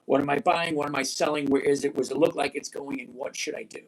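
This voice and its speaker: A man in his sixties hosting a live stock-trading chat, blunt and emphatic, repeating key points slowly. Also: a little high, steady tone. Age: 60s. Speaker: livestream host.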